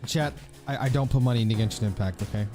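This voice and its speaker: A man's voice: medium pitch, fast talker, over music. A young man from the Philippines chatting casually and rambling to his viewers while he streams a game. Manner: rambling, chatty, lots of fillers, laughs often. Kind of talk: casual live-stream chat while gaming.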